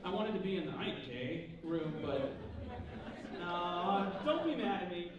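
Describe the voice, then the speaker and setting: A man's voice: high-pitched, expressive, unhurried, highs cut off. Joking man in an echoey hall. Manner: joking, self-mocking, acts out quoted dialogue. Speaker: convention panel guest. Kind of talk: comedic storytelling to a live audience. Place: large convention panel hall. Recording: echoey hall from far off, noisy.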